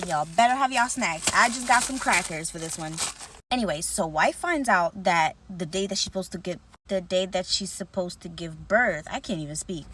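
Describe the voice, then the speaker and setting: A woman, telling a creepy story casually and talking right to her audience. She slips into the lines of each person in the tale as she goes, in a mid-pitched voice. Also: a bit bright. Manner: chatty, addresses the audience directly, acts out the characters' lines.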